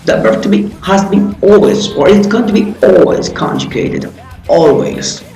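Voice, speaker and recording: Man, English teacher, friendly step-by-step explaining, slightly high voice, roomy echo, faint music behind. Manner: friendly, explains step by step, non-native phrasing. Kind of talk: online grammar lesson.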